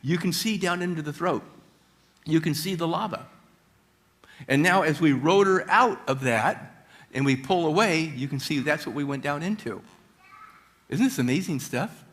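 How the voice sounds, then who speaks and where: High-energy middle-aged male speaker. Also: moderate pace, pauses often, a bit bright. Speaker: guest speaker. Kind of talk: motivational church talk. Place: church.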